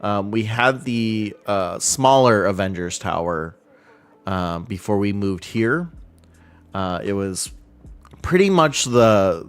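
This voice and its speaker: Soft-spoken man streamer, slow and halting. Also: lowish voice, clear, resonant tone. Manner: heartfelt, halting, many restarts and fillers. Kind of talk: casual live-stream chat.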